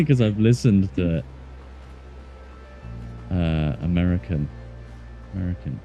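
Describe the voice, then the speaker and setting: A man's voice: fairly low pitch, slow, phone-quality sound, faint music behind. An English man streaming a game, chatting casually and joking to himself as he plays. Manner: chatty, joking, talks to himself while playing. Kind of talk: casual gameplay chat.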